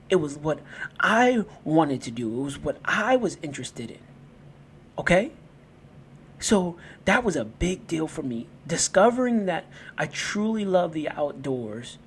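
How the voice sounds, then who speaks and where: A man's voice: on the high side, a little hiss or hum. A man hosting a podcast, talking about self-love in a casual, storytelling way and often repeating and restarting his phrases. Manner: conversational, repeats and restarts phrases while telling stories. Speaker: podcast host. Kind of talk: personal motivational talk.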